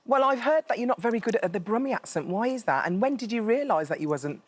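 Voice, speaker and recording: A woman's voice: a little high, animated, fast talker. Teasing Brummie woman host. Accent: Birmingham. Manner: playful, teasing. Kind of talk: casual chat interview. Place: television studio.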